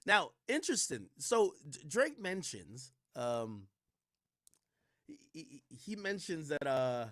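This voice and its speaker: A man's voice: on the high side, big pitch swings, slow, sharp tone, dry recording, studio quality. A man streaming casual reaction commentary, rambling and slangy with frequent restarts.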